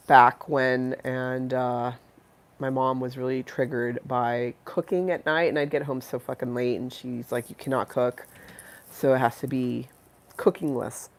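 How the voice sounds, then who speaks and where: Low-voiced congested woman chatting live. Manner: rambling, giggly, reads chat aloud. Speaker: livestream host. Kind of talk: casual live-stream chat.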